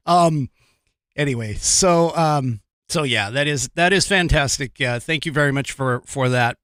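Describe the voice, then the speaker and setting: A man's voice: on the high side, unhurried, a bit bright, no room sound, studio quality. Rambling, chuckling male podcast host. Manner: rambling, chuckling often, with many fillers. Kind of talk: casual livestream talk.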